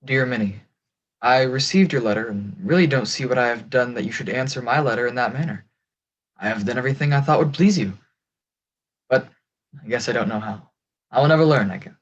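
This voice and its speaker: A homesick young soldier from 1918 writes home in a plain, earnest way, read by a man. His voice has a middle pitch. The sound is dull and muffled. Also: lightly acted. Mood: wounded. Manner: plain, earnest, a little wounded. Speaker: reader of historical letters. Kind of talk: dramatic letter reading. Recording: dull lo-fi recording.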